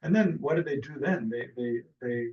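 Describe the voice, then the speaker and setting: A man teaching a meditation class in a relaxed, hesitant way with many fillers and restarts, speaking over a video call. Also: mid-range voice, moderate pace. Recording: distant, dull lo-fi mic.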